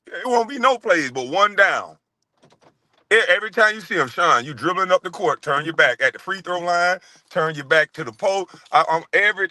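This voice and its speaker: Casting note: middle-aged man, loose and playful, swears freely, voice sits a little high. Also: pushed and bright, no echo. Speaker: vlogger. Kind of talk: casual rambling vlog.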